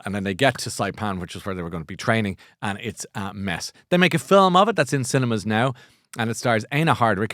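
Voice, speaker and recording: A man's voice: lowish voice, fairly bright tone, no echo, clean studio sound. A middle-aged Irish man hosting a book show, chatting casually in a rambling, self-mocking, jokey way. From Ireland. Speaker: podcast host. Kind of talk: casual chat.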